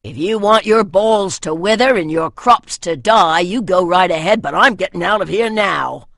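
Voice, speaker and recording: A woman reader puts on a frightened male warrior, loud and blustering. He talks with nervous bravado. The recording is dry. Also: fairly low pitch, moderate pace, gravelly, no room sound.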